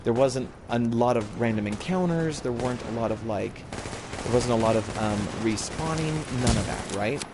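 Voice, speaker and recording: A man's voice: medium pitch, normal speed, very noisy. Rambling male gamer streaming from home. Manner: rambling, loose and self-correcting. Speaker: streamer playing a video game. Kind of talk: live gameplay commentary.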